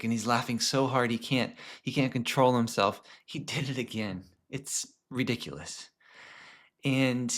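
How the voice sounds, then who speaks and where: A man presenting a lesson on film characters, telling a story in a conversational way with frequent restarts and some soft, hushed stretches. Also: mid-range voice. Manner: conversational, many restarts, drops to a hush at times.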